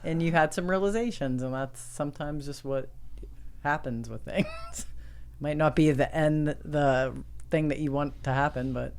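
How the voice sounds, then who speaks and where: Slow, low-voiced gentle woman. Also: clear, resonant tone. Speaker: podcast guest. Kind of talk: casual chat.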